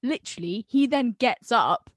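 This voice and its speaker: A woman's voice: a little high, lively intonation, normal speed, no echo. A young woman in casual chat over a video call, rambling through anecdotes with giggles. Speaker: guest.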